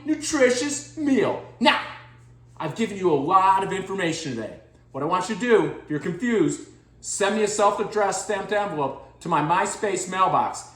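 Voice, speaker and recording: A woman playing a clueless, boastful male home cook in a comedy sketch, talking with deadpan silliness. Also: mid-range voice, echoey room, close to an everyday voice. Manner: boastful, deadpan silly, jumpy loudness. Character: clueless goofy male home-cooking guy.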